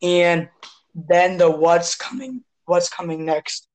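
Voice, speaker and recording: A hoarse young man hosting a casual sports podcast, rambling and often clearing his throat. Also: sits high, animated, takes it slowly, low-quality recording. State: hoarse from asthma. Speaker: podcast host.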